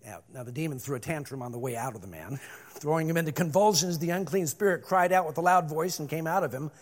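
A middle-aged male pastor preaching a sermon, moving between loud emphasis and hushed calm. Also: on the high side, quick pace.

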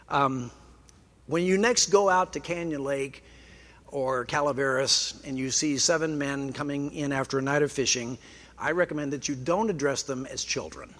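A man's voice: on the high side, a bit bright. A man preaching a sermon in a conversational way, with dry self-deprecating humor. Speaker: pastor.

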